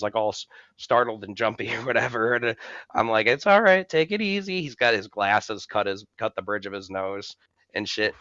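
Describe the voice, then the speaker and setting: A man's voice: fairly low pitch, bright, forceful tone, dry recording, highs cut off. A man co-hosting a podcast, telling rambling, profane stories in casual chat and laughing as he goes. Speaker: podcast co-host. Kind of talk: casual storytelling.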